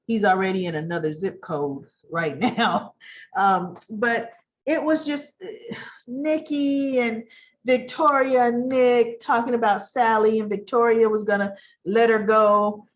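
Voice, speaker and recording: A chatty woman hosting a casual recap vlog, talking through soap opera scenes and slipping into the characters' voices as she quotes them. Her voice sits a little high, and the audio is dull and lo-fi. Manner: chatty, acts out characters' lines with shifting pitch.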